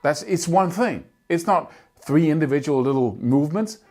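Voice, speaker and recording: A man with a slightly high voice teaches guitar in an earnest, emphatic way. He keeps stressing key points and sometimes sounds out picking rhythms with syllables. A faint guitar can be heard behind him. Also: lively intonation, moderate pace. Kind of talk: instructional talk to camera.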